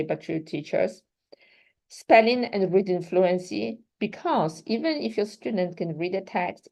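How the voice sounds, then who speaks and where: A woman's voice: on the low side, vocal fry, darkish tone, low-quality recording. A young adult woman gives a lecture to teachers and works through one example after another. She explains step by step and keeps checking in with her listeners as she moves through her slides. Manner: explains step by step with examples, often asks "right?". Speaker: teacher trainer.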